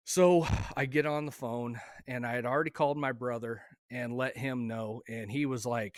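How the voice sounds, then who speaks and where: A man of middle pitch tells a personal story in a casual, halting way. He is emotional and often restarts mid-sentence. The sound is dry and close, with no room around it. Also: no room sound. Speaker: hunter telling his story.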